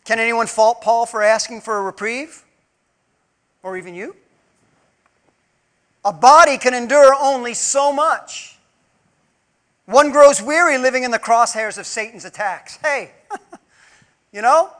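A man preaching a sermon in a strikingly high voice. He presses his points emphatically, rising to loud pleas and then dropping to hushed asides. He keeps asking his congregation rhetorical questions. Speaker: pastor.

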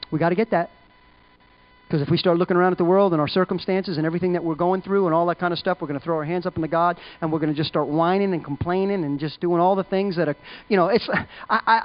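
A man with a very high voice preaching a sermon, emphatic yet conversational as he drives each point home. The recording is dull and lo-fi, muffling his voice.

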